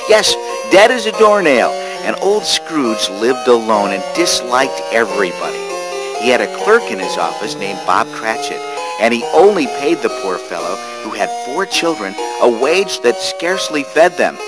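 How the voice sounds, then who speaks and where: A man narrating a holiday radio drama with expressive storytelling. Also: medium pitch, moderate pace. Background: music.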